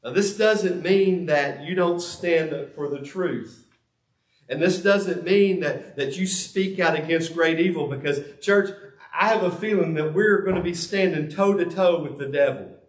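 This pastor's voice is fairly high and his pace a little slow as he delivers a confessional, earnest sermon. He repeats key words for emphasis, and the recording carries the echo of the church sanctuary.

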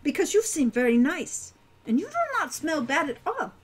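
A woman's voice: sits high, sing-song, normal speed, pitched above the performer's own voice. A woman voicing a prim fourteen-year-old centaur farm girl who talks formally and avoids contractions.

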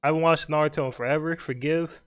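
A young streamer with a fairly high, slightly bright voice and fairly even intonation casually commentates his live game over faint music. He jokes around, talks to his opponent, and mutters quickly.

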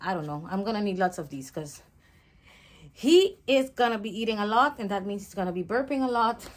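A young woman in a relaxed home haul vlog, talking in a chatty way with lots of "um" and "like" and dropping into Spanish now and then. She's expecting a baby, and her voice sits at an average pitch with a faint hiss in the background. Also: fairly quick. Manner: chatty, code-switches into Spanish, hesitant fillers. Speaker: vlogger.

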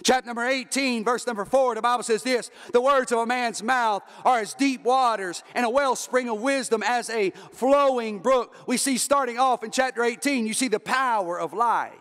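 A pastor preaching a sermon, with emphatic rises and drops and repeated phrases. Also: male voice, very high-pitched, moderate pace, few pauses, a bit bright. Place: church sanctuary. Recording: reverberant church hall.

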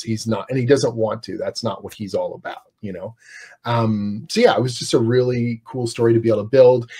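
A man's voice: lowish voice, a little mellow, breathy edge. A middle-aged man, a comics writer, talking in a casual interview with enthusiasm and many restarts.

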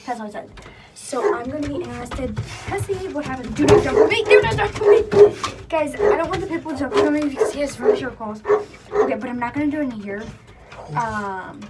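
A woman chatting casually to camera outdoors, often telling her dogs to get down. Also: high-pitched. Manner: chatty, scolding dogs between remarks. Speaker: vlogger. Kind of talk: casual vlog talk to camera. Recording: loud wind and background noise.

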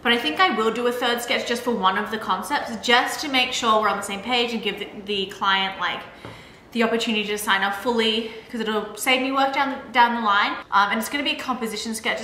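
A woman illustrator talking casually to camera in her home studio, sleepy and low on energy, rambling with lots of fillers. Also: bright, forceful tone, echoey room, slight background noise, rough recording. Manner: chatty, rambling with many fillers. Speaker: illustrator and vlog host. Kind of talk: casual vlog talk to camera.

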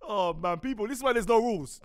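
British bloke on a podcast, rambly funny stories, voice goes all over the place. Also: male voice, sits high, expressive, quick pace. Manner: rambling, playful storytelling. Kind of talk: casual podcast chat.

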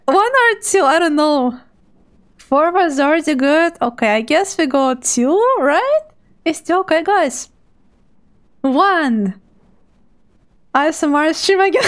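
Giggly woman streamer with a high voice, chatting to chat all jittery and bubbly into her stream mic. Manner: bubbly, giggly, nervously excited. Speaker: live streamer. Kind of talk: casual live-stream chat with viewers. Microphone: streaming microphone.

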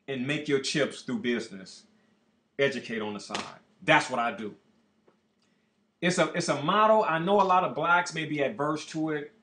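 Animated high-pitched man in an echoey room. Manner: animated, emphatic, swings between low mutters and loud outbursts; profane, streetwise slang. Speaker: health educator and business owner. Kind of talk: casual monologue.

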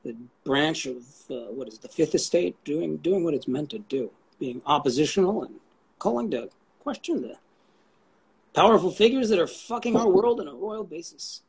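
A man's voice: on the high side, animated, moderate pace, creaky, breathy edge. A man chatting as an interview guest, rambling, swearing casually and cracking jokes. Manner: rambling, profane and jokey.

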